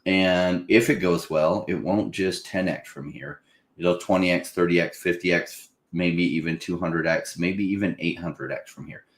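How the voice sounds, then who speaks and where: Panicked buyers get a higher-voiced impression from this animated crypto channel host as he chats casually about investing. The sound has a roomy echo to it.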